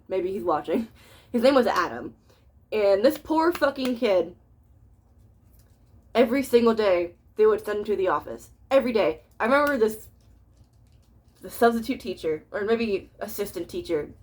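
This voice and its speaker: A woman's voice: medium pitch, animated, normal speed. A woman telling a childhood story at home in a rambling, profane, casual way, laughing as she goes. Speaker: storytime vlogger. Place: home room with a cat nearby.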